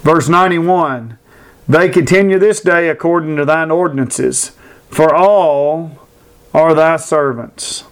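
Fervent high-voiced preacher. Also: male voice, slow. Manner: fervent, repetitive emphatic preaching. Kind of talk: sermon.

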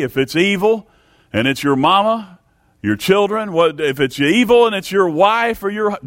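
Male preacher, mid-high voice that swings widely, dry close sound, emphatic sermon delivery. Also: no echo. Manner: emphatic, repetitive preaching with Bible readings in King James English.

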